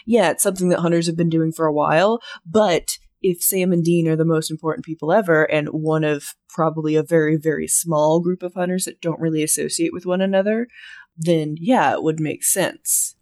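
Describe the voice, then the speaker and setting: Young woman co-host, lower voice, relaxed and wry, casual recap chat. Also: a little fast. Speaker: podcast co-host.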